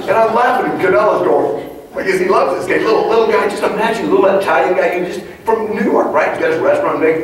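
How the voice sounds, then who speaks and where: Motivational trainer, male, storyteller with quick rhetorical jabs, recorded from a distance in a big room. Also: high-pitched. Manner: animated storyteller, punchy rhetorical questions. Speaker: leadership trainer. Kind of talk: motivational speech to a live audience. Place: large conference hall. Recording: echoey hall, mic far off.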